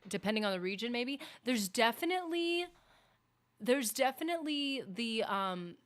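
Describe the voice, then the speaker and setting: Woman streamer, casual live-stream chat, rambling, self-correcting. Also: medium pitch. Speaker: gaming streamer.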